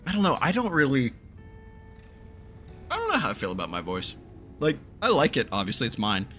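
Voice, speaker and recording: A man's voice: mid-range voice, wildly swooping pitch, brisk, sharp tone, soft background music. A man hosting a stream, chatting casually over a voice call and rambling through stories with frequent laughs. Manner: rambling storyteller, laughs often. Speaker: streamer host. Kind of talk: casual chat.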